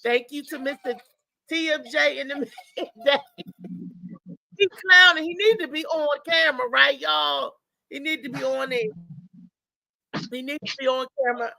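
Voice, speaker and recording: A woman's voice: high voice, fairly even intonation, moderate pace, gravelly, bright, forceful tone, no echo, rough recording. A woman hosting a live show, chatting loosely and talking straight to her viewers. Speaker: host. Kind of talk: casual live show chat.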